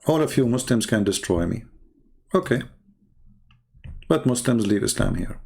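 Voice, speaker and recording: A man's voice: fairly low pitch, animated, normal speed, creaky, a little mellow, breathy edge. A man hosting a livestream, talking in a combative, mocking way and challenging his listeners. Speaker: livestream host. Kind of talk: taunting livestream monologue.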